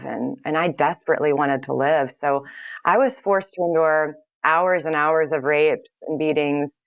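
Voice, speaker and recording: A woman, a podcast guest, recounting a personal story in an earnest, halting way, with many fillers and restarts. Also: sits low.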